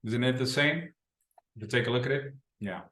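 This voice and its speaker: A man's voice: medium pitch, a little fast, fairly bright tone. A male teacher from Brazil talks through a recorded English lesson, patient and explanatory, keeps asking "right?" to check in. His voice rings around a roomy, echoing space. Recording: roomy echo.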